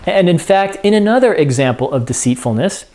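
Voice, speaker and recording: A man casually retelling and explaining a story as a lesson, conversational and animated with filler words. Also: high-pitched, a little fast. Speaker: teacher.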